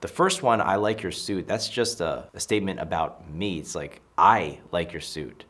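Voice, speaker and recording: A man giving casual, emphatic advice on conversation, acting out example lines. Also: low-pitched. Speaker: social skills coach. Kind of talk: casual advice talk to camera.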